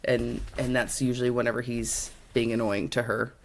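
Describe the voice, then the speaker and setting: A young adult woman co-hosting a book podcast, chatting casually and acting out characters in quick quotes as she retells the story. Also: a bass voice, little pitch movement, vocal fry, a little hiss or hum. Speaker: podcast co-host.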